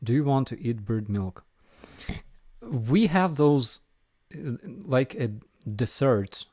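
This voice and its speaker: A man's voice: medium pitch, big pitch swings, takes it slowly, a little mellow, no room sound, studio quality. A man with a Ukrainian accent hosting a casual live viewer Q&A, hesitant with many fillers and restarts.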